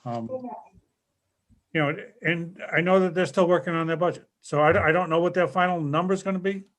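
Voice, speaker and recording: A man working as town administrator, reporting budget figures to a council in a measured way, with pauses and hesitations. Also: a little high, fairly even intonation. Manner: measured, reads out numbers with hesitations.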